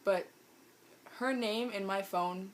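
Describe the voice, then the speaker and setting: A woman vlogger telling a funny story in an animated, amused way. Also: medium pitch, slow, slight background noise. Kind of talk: storytime vlog.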